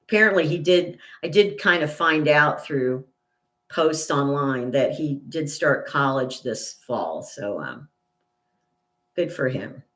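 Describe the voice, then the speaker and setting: A woman's voice: lively intonation, slow pace. An older woman hosting a casual livestream, chatty and rambling with many restarts and fillers. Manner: indignant, gets loud and high when retelling an argument. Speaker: channel host.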